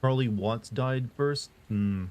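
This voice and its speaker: A man talking casually on a livestream, reading and answering chat. His delivery is flat and monotone, at a middle pitch, and he rambles with fillers and restarts. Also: slow. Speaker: streamer answering live chat.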